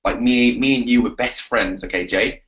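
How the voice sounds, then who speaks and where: A man coaching on a live webinar, energetic and repetitive, giving pep talks. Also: mid-range voice, normal speed, muffled recording. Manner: energetic, pep-talking, repeats himself. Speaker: confidence coach.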